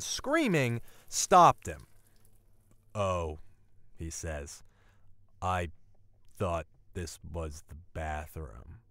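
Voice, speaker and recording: A man telling a personal story, wry and animated. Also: dry recording. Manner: wry, animated storytelling with lively pitch swings. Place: apartment life in New York City.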